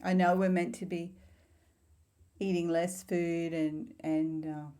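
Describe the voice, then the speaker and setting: Woman, middle-aged, mellow dark tone, casual vlog, heartfelt, rambling storytelling. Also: fairly low pitch, level tone, takes it slowly. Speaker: spiritual vlogger. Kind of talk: casual talk to camera.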